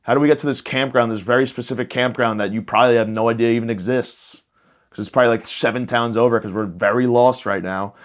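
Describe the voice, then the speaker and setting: A man's voice: medium pitch, fairly even intonation, fast, natural voice. A man voicing his lost, exasperated middle-aged father, who pushily demands directions from a stranger.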